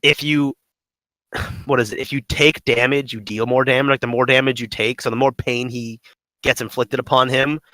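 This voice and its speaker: A man co-hosting a casual gaming podcast, talking in a rambling, animated way with many fillers. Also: medium pitch, moderate pace, no echo, low-quality recording. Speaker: podcast co-host.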